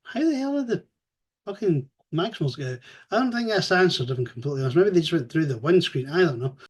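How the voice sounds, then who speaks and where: A man giving a casual spoken review, animated and chatty, swearing freely as he retells the story. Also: on the high side, fast, breathy edge.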